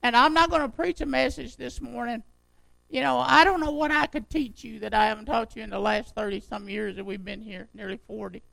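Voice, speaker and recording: Older pastor with a gravelly, unsteady voice. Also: male voice, extremely high pitch, fairly even intonation, a little fast, sharp tone, no room sound, poor audio. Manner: folksy, conversational preaching with repeated phrases. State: voice unsteady, jumping in pitch. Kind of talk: sermon. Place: church.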